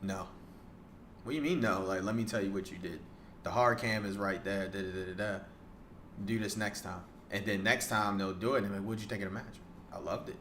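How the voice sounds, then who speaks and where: A young man talks in a casual interview, his voice sitting a little low. He tells stories with energy and slips into other people's voices for quotes. A faint background hum sits behind him. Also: brisk, reverberant. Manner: animated storyteller, acts out quotes in other voices. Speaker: podcast guest, wrestling photographer.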